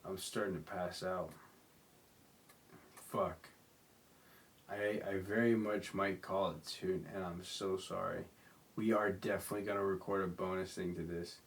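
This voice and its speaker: A man's voice: low voice, gravelly, a little hiss or hum. A young man hosting a rambling solo podcast, drunk and sleepy, slurring and apologizing as he talks. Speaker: podcast host.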